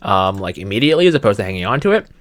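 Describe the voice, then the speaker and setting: A man's voice: on the low side, very animated, rapid-fire. A young man from Canada hosting a casual podcast, chatty with lots of ums. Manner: chatty, many ums and restarts. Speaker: podcast host. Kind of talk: casual chat.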